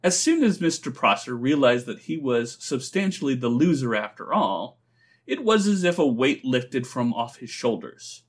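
Husky guy reading a story out loud, slow and expressive, voice goes up and down a lot. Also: medium pitch. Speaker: story narrator. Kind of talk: audiobook-style reading for a phone story line.

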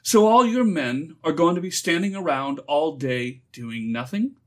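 A man voicing a sly, smooth-talking young man who persuades patiently. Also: a little high, lively intonation, measured pace, a little mellow, voice pushed up. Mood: coaxing.

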